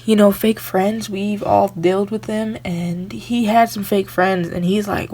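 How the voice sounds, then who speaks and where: A woman's voice: mid-range voice, fairly even intonation, moderate pace, a little mellow. A young woman doing a medium reading on her vlog, earnest and rambling, full of "you know" fillers. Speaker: tarot reader.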